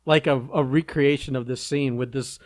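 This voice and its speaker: A man's voice: medium pitch, steady tone, moderate pace, no room sound. A man co-hosting a podcast, reacting with dry, teasing remarks in casual chat. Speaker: podcast co-host.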